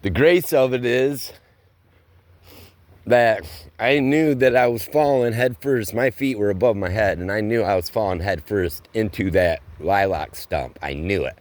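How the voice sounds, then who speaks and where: A man's voice: lowish voice, darkish tone, dry recording. A man telling a casual, rambling story from his roofing work, with plain everyday slang. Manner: slow, rambling delivery with plain spoken slang.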